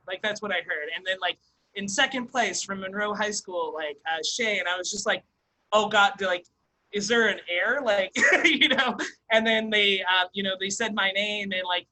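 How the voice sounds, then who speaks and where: A young man in his twenties telling stories as a podcast guest, chatty and animated with lots of fillers. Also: high-pitched, rough recording. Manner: animated, fast storyteller full of likes and ums. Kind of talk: casual storytelling interview.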